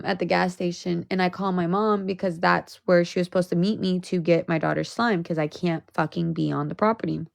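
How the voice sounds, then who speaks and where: A woman's voice: mid-range voice, gravelly, dry recording, clean studio sound. A young woman telling a storytime on her vlog, blunt and profane, talking in a heated rant. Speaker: vlogger.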